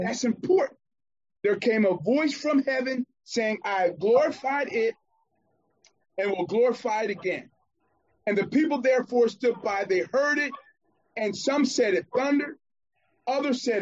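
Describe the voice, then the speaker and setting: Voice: medium pitch, darkish tone. Rousing preacher with a lo-fi sound. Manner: rousing, calls to the congregation, reads scripture aloud. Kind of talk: sermon.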